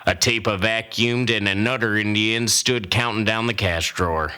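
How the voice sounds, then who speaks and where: Here a storyteller in the role of a weathered old cowboy rambles through a boastful, folksy tall tale for laughs. He's an older man whose fairly low voice is sharp, clear and resonant, moving at a moderate pace.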